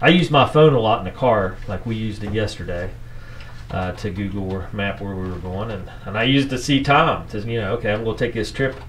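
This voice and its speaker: A man co-hosts a tech podcast in a loose, joking way, talking in a fairly low voice. He is chatty and easily amused. Faint background noise sits under the recording. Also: brisk, a bit bright. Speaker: podcast co-host. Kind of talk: casual chat.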